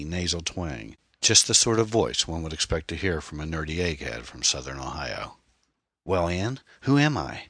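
A man giving scripted audiobook narration of a thriller in a steady, suspenseful reading. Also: rumbling low, no echo, studio quality.

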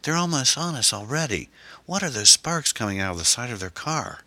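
A frightened, excitable young girl cries out in shrill, breathless bursts, voiced by a man reading a story. The voice stays bright and lively while it leaps about in pitch. It is recorded dry and close to the mic. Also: normal speed, husky, no room sound, exaggerated voice.

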